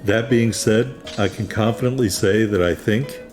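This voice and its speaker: A man's voice: fairly low pitch, moderate pace, music in the background. A man from New England giving casual, wry let's-play commentary on a racing game. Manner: casual, wry, self-deprecating. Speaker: gaming YouTuber.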